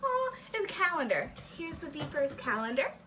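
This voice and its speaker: A young woman hosting a reaction video, chatting casually as she unboxes merch, gasping and squealing with excitement. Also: sits high, normal speed, noisy background.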